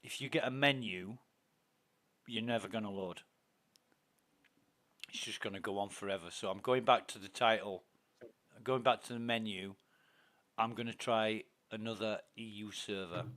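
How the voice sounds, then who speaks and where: A man's voice: on the low side, fairly even intonation, normal speed, pauses often, fairly bright tone. A man streaming a space game, chatting casually and narrating what he is doing as he plays. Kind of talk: casual gaming chat.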